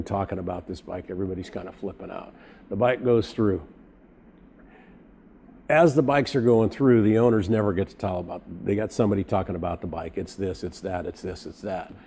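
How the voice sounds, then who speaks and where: Middle-aged male storyteller, deep and warm, animated, plays the other people in his story. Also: a little hiss or hum. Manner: animated storyteller acting out quoted dialogue. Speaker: podcast guest, custom bike builder. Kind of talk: casual storytelling.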